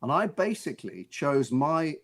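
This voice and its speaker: Very animated, with a slightly high voice and a moderate pace, this actor-author guest tells amused anecdotes during an interview. The casual storytelling rambles with frequent restarts and repeated words, picked up by a radio studio mic.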